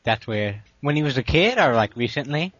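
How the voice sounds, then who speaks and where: Animated young man, rambling podcast co-host. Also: medium pitch, moderate pace, lo-fi sound. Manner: rambling, self-mocking. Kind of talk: casual chat.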